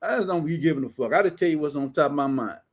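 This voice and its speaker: A man hosting his own show, ranting casually in a loud, blunt, profane way with heavy slang. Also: fairly high pitch, expressive, racing. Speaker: show host.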